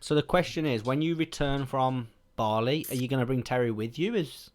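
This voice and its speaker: A man with a British accent hosting a podcast, telling a rambling, animated story and swearing constantly. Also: medium pitch, moderate pace. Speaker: podcast host. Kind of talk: casual storytelling chat.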